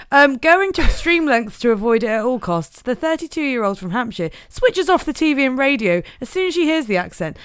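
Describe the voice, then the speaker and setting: A woman with a smooth, crisp voice pitched a little high. She swings her tone around a lot, reading a news story aloud and breaking off into giggly, sardonic asides. The sound is dry and close to the mic. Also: a bit bright, no room sound. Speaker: podcast co-host. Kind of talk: casual comedic chat, reading news aloud.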